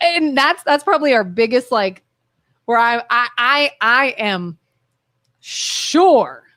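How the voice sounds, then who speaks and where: A woman co-hosting a radio talk show, chatting casually and quickly, acting out her side of arguments and laughing often. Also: high-pitched, a bit bright, dry recording, clean studio sound. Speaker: co-host. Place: radio studio. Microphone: studio microphone.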